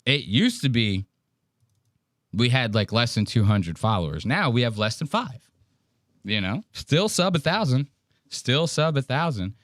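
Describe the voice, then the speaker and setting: A man's voice: mid-range voice, very animated, measured pace, fairly bright tone, no room sound, studio quality. A man hosting a casual podcast, telling a story in a profane, mocking way. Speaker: podcast host.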